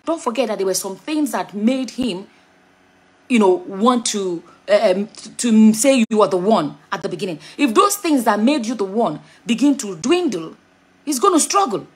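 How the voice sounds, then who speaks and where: A woman's voice: medium pitch, sing-song, normal speed, slightly rough. A middle-aged Nigerian woman with a Nigerian accent, chatting frankly to camera on her vlog, wandering off topic and back. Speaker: vlogger. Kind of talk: casual commentary to camera.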